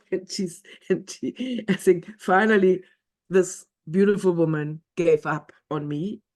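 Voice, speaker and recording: Animated woman storyteller. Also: on the low side, takes it slowly. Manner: animated, laughing, drops to whispers. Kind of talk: live storytelling.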